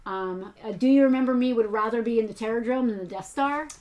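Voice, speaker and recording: A woman's voice: on the high side, fast, a little mellow, a little hiss or hum. A woman co-hosting a toy shop's live stream, chatting casually with frequent laughs and rambling asides.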